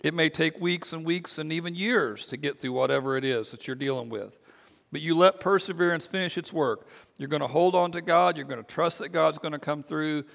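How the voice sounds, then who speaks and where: A man, a pastor, preaching a sermon in a relaxed conversational way, often restarting and repeating his words. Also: fairly high pitch, a little fast, gravelly, hardly any pauses, big-room sound. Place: church sanctuary.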